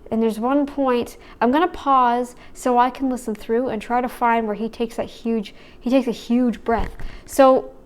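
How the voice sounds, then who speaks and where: A woman's voice: fairly high pitch, darkish tone. Sarcastic woman rambling through reaction commentary. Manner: rambling, sarcastic, talks back to the clip.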